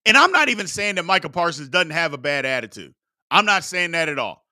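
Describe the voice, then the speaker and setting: A man's voice: on the high side, very animated, fairly quick, pushed and bright, no echo, studio quality. A man hosting a sports talk show, arguing heatedly with his chat and preaching about respect. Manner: combative, preachy, exclaims "Lord have mercy".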